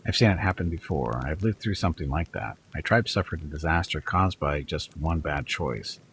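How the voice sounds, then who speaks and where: A man's voice: rumbling low, expressive, normal speed, a bit bright, a little hiss or hum, full character voice. A man voicing a sly, hard-edged male kobold bard in a game, lecturing and probing as he talks. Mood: grave. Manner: probing, lecturing, cold when talking of traitors. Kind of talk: reading game dialogue aloud.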